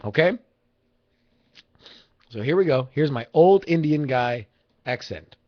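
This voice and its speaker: A man's voice: fairly high pitch, animated, takes it slowly. A man hosting a casual livestream, rambling, swearing freely and joking with viewers in chat. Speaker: livestream host. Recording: lo-fi livestream audio.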